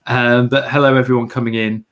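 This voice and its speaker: A man's voice: mid-range voice, little pitch movement, a little fast, fairly bright tone. A British man hosting a photography livestream, chatting casually and greeting viewers with light humour. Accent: British English. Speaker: livestream host.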